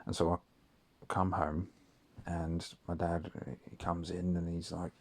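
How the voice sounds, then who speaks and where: A deep-voiced man rambling through a late-night anecdote, peppering it with swearing and plenty of ums. His delivery is loose and conversational, storytelling to himself in an audio diary. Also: monotone, a little slow, darkish tone. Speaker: audio diarist. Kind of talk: casual storytelling monologue.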